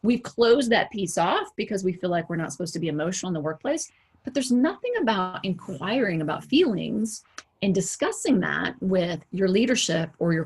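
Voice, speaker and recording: Husky-voiced woman coaching with animated energy. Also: lowish voice. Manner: animated and conversational, asking rhetorical questions; acts out quoted remarks in livelier voices. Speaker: executive coach. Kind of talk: motivational talk to camera.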